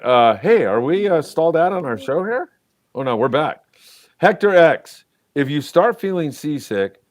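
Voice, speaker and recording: In a casual fishing chat, a host in his sixties tells stories with a joking tone and reads viewer comments out loud. His voice is medium-pitched and recorded without echo.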